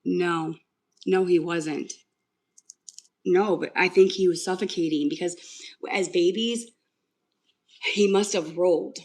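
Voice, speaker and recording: A woman's voice: fairly low pitch, fairly even intonation, slow pace, pauses often, darkish tone, rough recording. A young woman talking casually on a livestream, telling a story in an emotional, rambling way with lots of fillers. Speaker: livestream host.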